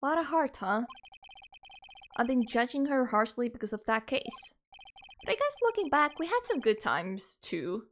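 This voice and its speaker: A woman's voice: sits high, big pitch swings, moderate pace, slight background noise. A woman streaming a game, reading its text aloud and joking with her chat. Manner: chatty, jokey, talks to chat.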